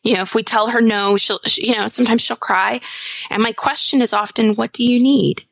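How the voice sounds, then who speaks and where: A woman in her thirties speaks in a relaxed podcast chat. Her voice carries a gravelly fry, and she sounds candid and emphatic. The recording is dry and close. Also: a little high, fairly quick, no room sound, low-quality recording. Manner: candid and emphatic, laughs easily. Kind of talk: casual conversation.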